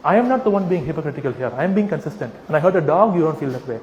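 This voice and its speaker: A man's voice: fairly high pitch, fast talker, darkish tone, reverberant, long reverb tail, a little hiss or hum, poor audio. A man addressing a live audience, arguing with rhetorical questions and acted-out scenarios, sometimes mocking voices. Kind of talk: animated persuasive talk with acted-out scenarios.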